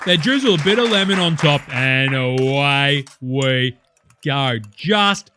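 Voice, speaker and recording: A man's voice: mid-range voice, animated, slow pace, noisy background. A man with an Australian accent voicing a brash, crude bogan cooking-show host who swears freely and drawls slang in a comedy sketch.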